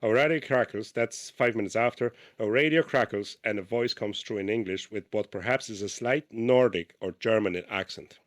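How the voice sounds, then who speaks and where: A man with a lowish voice reads an old flight log aloud for a podcast, stumbling over words and restarting lines. He keeps breaking off to chat about what he just read, in a loose, casual way. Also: moderate pace, few pauses. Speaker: podcast co-host.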